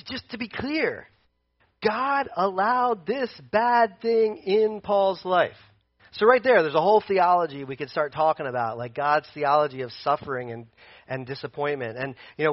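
A man preaches a sermon in a relaxed, conversational way, pacing as he talks. His voice sits a little higher than most men's. The sound is dry and somewhat dull, with no room echo. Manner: conversational, animated, paces while preaching.

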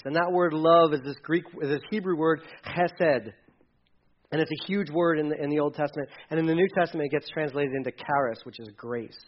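A male pastor preaching a sermon in a conversational way, moving between soft asides and loud, emphatic readings. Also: on the high side, a little fast, muffled recording.

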